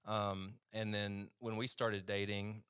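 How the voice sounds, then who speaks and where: A man's voice: on the low side, flat delivery, slow pace, a bit bright, smooth, no room sound, studio quality. A man with an East Texas accent, a physician guest telling a story in a rambling, chatty way with easy laughter. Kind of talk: casual storytelling testimony.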